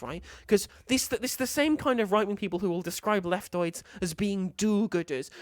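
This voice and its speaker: A woman streamer giving live commentary on a clip, talking in an animated, disbelieving rush and swearing freely. Her voice is mid-pitched, and the recording is dry and close. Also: dry recording.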